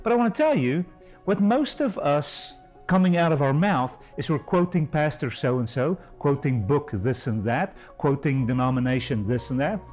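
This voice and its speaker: A high-pitched man delivers a sermon with impassioned fervor. He swings between loud rising appeals and hushed, near-whispered drops. Soft music plays faintly behind him. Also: animated, normal speed, rough recording. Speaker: pastor and Bible school teacher.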